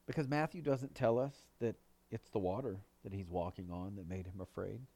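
A male pastor preaching a sermon in an earnest manner, pushing his voice up for emphasis and dropping it low on quoted words. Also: normal speed, warm tone, no echo.

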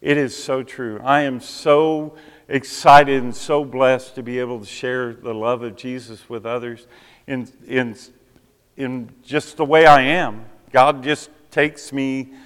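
A man's voice: mid-range voice, steady tone, slow, fairly bright tone, clear, resonant tone. A man preaching a sermon, telling a personal story and acting out the voices of people he quotes. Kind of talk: sermon testimony. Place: church sanctuary. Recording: long reverb of a hall.

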